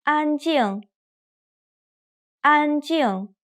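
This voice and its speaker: A woman teaching pronunciation in a drill, saying each word very slowly and with care. Her voice sits a little high and swoops widely from one word to the next. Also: lively intonation, fairly bright tone. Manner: slow, deliberate modelling of tones. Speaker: Chinese teacher.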